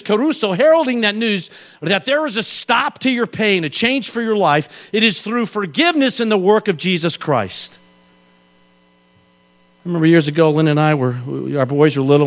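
A middle-aged man preaching a sermon and telling a lively personal story, acting out voices and yelling along the way. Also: sits high. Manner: animated storyteller, acts out voices and yells. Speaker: pastor.

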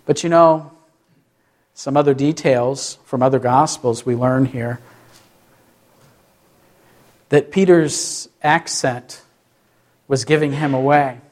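A man's voice: mid-range voice, measured pace, a little mellow. A man, a pastor, preaching a sermon with many questions to the listeners and short acted-out quotes.

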